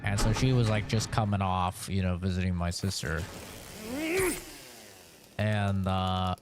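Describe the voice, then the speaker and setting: A man's voice: low voice, fairly even intonation, measured pace, noisy background. Laid-back man rambling through a story. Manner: rambling, full of fillers and swearing. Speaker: streamer. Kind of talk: casual storytelling while streaming a game.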